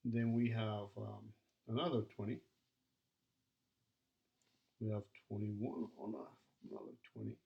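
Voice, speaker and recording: Gravelly-voiced male math teacher. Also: on the low side, sing-song, measured pace, pauses often, muffled recording. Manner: talks to students while working through problems, counting numbers aloud. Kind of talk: recorded video lesson.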